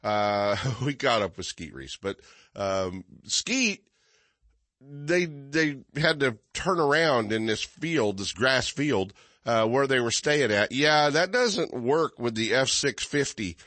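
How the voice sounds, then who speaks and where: A man's voice: medium pitch, expressive, slow, fairly bright tone, dry recording. A man hosting a fishing radio show, chatting casually and rambling with many fillers and restarts.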